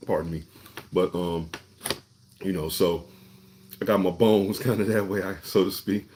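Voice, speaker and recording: A middle-aged man with a very low voice talks casually about acting. He speaks conversationally, stumbling and repeating words as he goes. There is a faint hiss behind him. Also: fairly even intonation, unhurried, a little mellow. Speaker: actor. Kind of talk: casual storytelling monologue.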